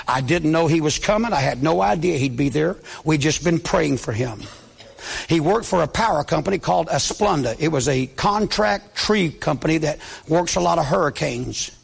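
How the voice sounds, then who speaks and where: A man's voice: fairly high pitch, gravelly, breathy edge. A man, a pastor preaching a sermon as a story, impassioned and pleading, dropping to near-whispers when quoting others.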